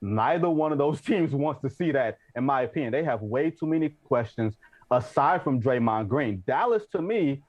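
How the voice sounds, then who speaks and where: A man's voice: mid-range voice, expressive, normal speed, highs cut off. A man giving blunt, emphatic opinions as a guest on a basketball talk show, mixing jokes into his arguments. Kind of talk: opinionated sports debate.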